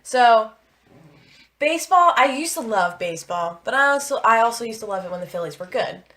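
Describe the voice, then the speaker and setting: A young adult woman from the Philadelphia area, co-hosting a casual podcast and telling rambling, animated stories full of "like". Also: fairly high pitch, a little fast. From Philadelphia area, USA. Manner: rambling, animated storyteller with heavy "like" fillers. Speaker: podcast co-host. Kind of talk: casual chat.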